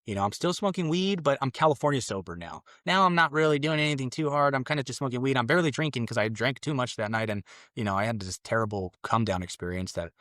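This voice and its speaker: A man in his late twenties talks through his own story as a podcast guest, earnest and casual, slipping into the voice of his past self. His pitch sits in the middle for a man. The recording is close and dry, with no room sound. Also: animated, fast, few pauses, fairly bright tone, no room sound. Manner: earnest, loose and conversational, acting out his own past thoughts.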